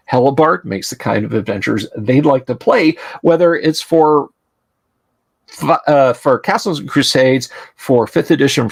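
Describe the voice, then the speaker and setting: A man hosting a livestream as game master, talking in a chatty, loose way with lots of fillers. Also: medium pitch. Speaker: game master and stream host. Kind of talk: live-streamed tabletop game narration.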